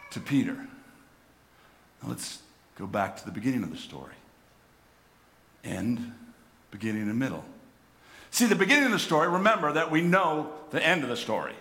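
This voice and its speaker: A middle-aged man preaching a sermon, swinging from hushed reflection to loud, impassioned emphasis and often repeating words as he restarts phrases. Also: medium pitch. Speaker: pastor.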